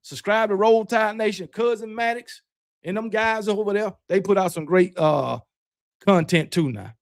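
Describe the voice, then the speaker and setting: A man with a Southern drawl talks in a fairly high voice, rambling and trash-talking at an easy, loose pace. It is casual livestream chat, recorded close on a dry mic with no room sound. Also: normal speed, vocal fry, no room sound. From Alabama, US. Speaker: host of a fan livestream show. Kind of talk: casual livestream chat, reading super chats.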